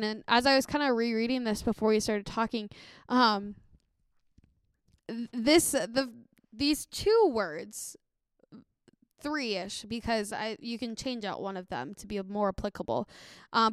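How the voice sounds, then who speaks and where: A woman's voice: on the high side, a little slow, clear, resonant tone, no echo. A young woman on a faith podcast, earnest and encouraging, reading scripture aloud. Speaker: podcast co-host.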